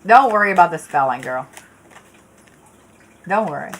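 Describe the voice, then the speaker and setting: A woman's voice: lowish voice, expressive, normal speed. Blunt, casual woman reading tarot. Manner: casual, blunt and profane, chatty with viewers; frequent fillers and restarts. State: yawning, tired. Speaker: tarot reader. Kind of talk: live tarot card reading.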